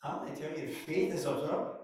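A man preaching a sermon and acting out Bible stories in lively voices. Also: on the high side, fairly quick, very echoey, far from the mic. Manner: animated storytelling, acting out Bible characters. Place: church hall.

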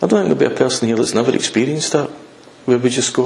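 A man preaching a sermon in an emphatic way, repeating his points and swinging between loud and hushed delivery. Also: medium pitch, very fast, vocal fry, reverberant, slight background noise, rough recording.

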